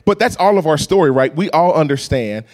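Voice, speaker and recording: A man preaching a storytelling sermon, animated and acting out voices and sounds. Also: on the high side, a little fast. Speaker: pastor.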